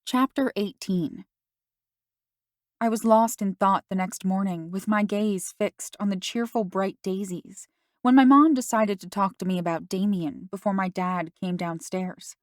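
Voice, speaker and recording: A woman's voice: medium pitch, measured pace, no room sound. Woman narrating an audiobook, dry.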